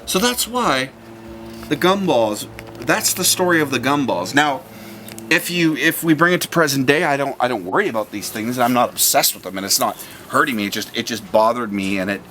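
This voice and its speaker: A young man tells a childhood story with a lot of animation, acting out the voices and sounds. His voice is bright and forceful. A faint hiss sits behind him. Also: medium pitch, a little fast. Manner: animated, mimics voices and sounds, laughs often. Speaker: vlogger telling a childhood story. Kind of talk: casual storytelling.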